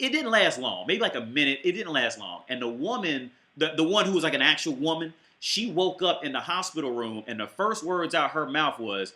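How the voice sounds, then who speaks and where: A man's voice: fairly high pitch, pushed and bright. A man hosting his channel, reacting to a clip with a heated, rambling, profane rant full of restarts.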